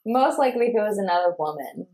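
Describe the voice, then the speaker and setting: Giggly, animated woman guest. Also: medium pitch, fast talker. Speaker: podcast guest. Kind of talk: casual chat.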